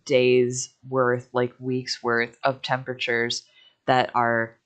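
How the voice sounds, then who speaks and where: Sleepy young woman, slow chat. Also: extremely low pitch, monotone. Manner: laughs often, yawning and sleepy. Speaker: streamer co-host. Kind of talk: casual chat while gaming.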